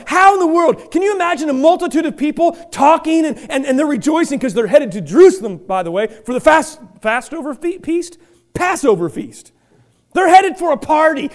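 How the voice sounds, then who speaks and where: A man in middle age preaches in a high, ringing voice to his church. He builds to shouts of passion, and he trips over restarts and cracks jokes at his own expense. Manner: impassioned, repeatedly shouting; stammering restarts, self-deprecating humor. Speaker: pastor. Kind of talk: sermon. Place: church, before a congregation.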